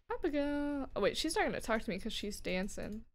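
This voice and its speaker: A tired woman streaming a game and chatting casually with a friend, playful and teasing with quick laughs. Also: medium pitch, expressive. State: tired, low energy. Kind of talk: casual gaming chat.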